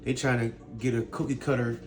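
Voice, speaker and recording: A man's voice: mid-range voice, flat delivery, brisk. Blunt, profane man ranting. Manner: blunt, profane street talk; ranting, rhetorical questions. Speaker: vlogger. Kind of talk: casual rant to camera.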